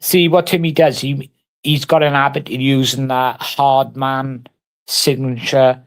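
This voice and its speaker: A man's voice: mid-range voice, little pitch movement, unhurried. A man on a casual livestream, taunting and mock-threatening someone in crude, heavily sworn banter.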